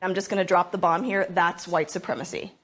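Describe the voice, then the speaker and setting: A woman's voice: fairly low pitch, flat delivery, fairly quick, a bit bright. A woman speaking directly and in a lecturing way during a dinner party discussion.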